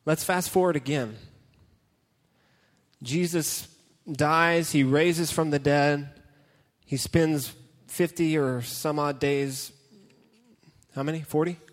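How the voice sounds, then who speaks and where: Youth preacher man, fairly high voice, playful and dramatic, reverberant hall sound. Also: steady tone, takes it slowly, long pauses. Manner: joking, dramatic storytelling, reads scripture aloud. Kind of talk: casual sermon with Bible reading.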